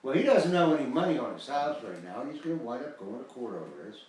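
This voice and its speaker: A man's voice: mid-range voice, big pitch swings, quick pace, darkish tone, heavy reverb, far from the mic, low-quality recording. An older American man, retired, giving a rambling, emphatic, folksy talk promoting his foreclosure guide. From United States. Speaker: host selling a foreclosure guide.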